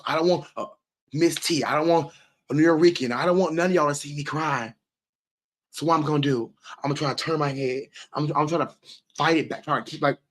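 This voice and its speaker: Emphatic man hosting a casual livestream. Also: on the high side. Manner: emphatic and repetitive, swears freely. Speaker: livestream host.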